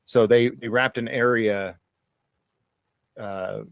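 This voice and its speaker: A man's voice: medium pitch, steady tone, slow pace, creaky, dry recording, dull audio. A man recounting an incident in a casual, easygoing way, laughing off grim events. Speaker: police accountability guest. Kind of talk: casual storytelling.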